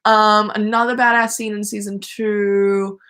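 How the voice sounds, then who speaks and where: A woman's voice: mid-range voice, lively intonation, normal speed, sharp tone. Chatty young woman gushing on a livestream. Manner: chatty, gushing, many fillers and restarts. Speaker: livestream host. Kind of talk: casual fan chat. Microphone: phone or webcam.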